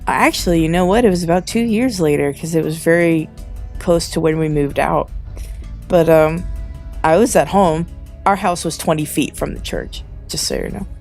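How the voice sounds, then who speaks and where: Young woman storyteller, casual and animated, with a gravelly edge, faint music behind. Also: sits low. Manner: animated, breathless storytelling with quick asides. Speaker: storytelling vlogger. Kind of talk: casual ghost story narration over drawing.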